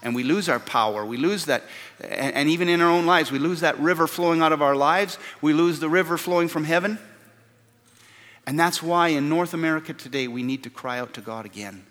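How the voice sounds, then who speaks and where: A man's voice: on the high side, a little fast, fairly bright tone. A man preaching a sermon as pastor, earnest and repeating words for stress. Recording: long hall reverb.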